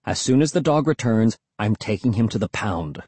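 A man voicing a grim, stern middle-aged father who speaks low and firm. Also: animated, normal speed, darkish tone, breathy edge, dry recording.

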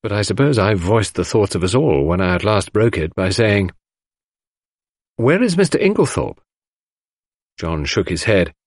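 A man reading an audiobook aloud with expressive, measured narration on a close mic. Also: sits low, no echo. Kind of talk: scripted narration.

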